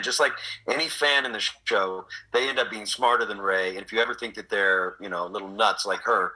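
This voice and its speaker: A man's voice: fairly low pitch, slightly rough, poor audio. A middle-aged man from Texas, chatting in an interview and acting out voices as he tells stories. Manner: animated storyteller, acts out quotes. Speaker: actor guest. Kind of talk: casual interview chat.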